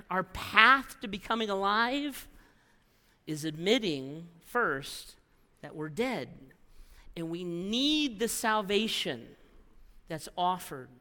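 Pastor, sermon, storytelling, repeated phrases, bright voice, long hall reverb. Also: medium pitch.

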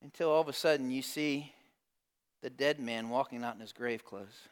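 A man preaching a sermon, telling a story in an animated, conversational way and acting out the people in it. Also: mid-range voice, normal speed, clear, resonant tone. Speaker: pastor.

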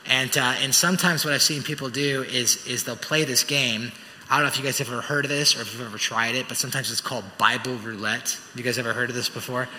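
A man preaching a sermon as pastor, telling stories with animated, acted-out voices. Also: mid-range voice. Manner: animated storytelling, acts out voices. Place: church auditorium. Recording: church hall reverb.

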